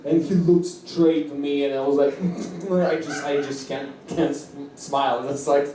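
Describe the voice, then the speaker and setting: A Russian-accented man works through a stand-up set, stumbling and restarting his phrases with little giggles in between. His fairly high voice rings through a very echoey room, picked up from some distance with a faint hiss underneath. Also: flat delivery, normal speed, warm tone. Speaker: stand-up comedian. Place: comedy club open-mic stage.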